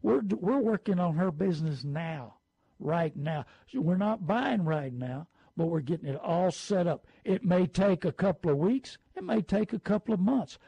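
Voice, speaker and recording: Folksy man, gravelly and husky. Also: high-pitched, no echo, rough recording. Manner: folksy storytelling, lively put-on quotes. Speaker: car buying advisor. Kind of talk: folksy advice monologue.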